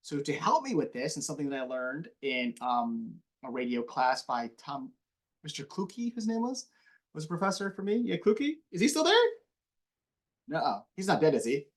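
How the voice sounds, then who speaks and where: A man with a fairly high voice gives a casual lecture to a class. He is a TV news anchor. He talks in quick, animated bursts with a slight mumble. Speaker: TV news anchor giving a guest lesson.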